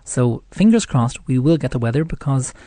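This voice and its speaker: A man's voice: medium pitch, lively intonation, normal speed, mellow, dry recording. Chatty Irish man hosting radio. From Ireland. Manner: chatty and rambling. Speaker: radio show host. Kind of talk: casual live radio talk.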